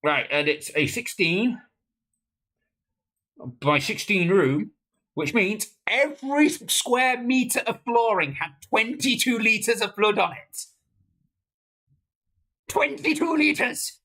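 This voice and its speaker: A woman's voice: a little high, expressive, slow, pauses often, fairly bright tone. A woman streaming her game development, talking casually, swearing and laughing helplessly as she works things out aloud. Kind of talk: casual livestream commentary.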